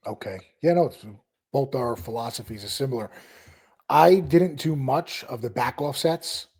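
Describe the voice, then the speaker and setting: Husky-voiced man in casual podcast chat. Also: mid-range voice, normal speed, a little mellow. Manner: conversational, asks follow-up questions. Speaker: podcast co-host, coach.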